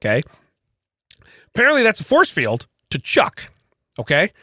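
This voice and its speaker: A man co-hosting a podcast, telling a story in casual chat with animated, repetitive emphasis. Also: fairly high pitch, normal speed, no room sound, studio quality. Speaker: podcast co-host.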